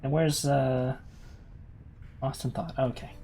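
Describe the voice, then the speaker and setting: A man's voice: mid-range voice, steady tone, slow pace, noisy background. A man streaming a story game, reading its text aloud with casual, chuckling asides.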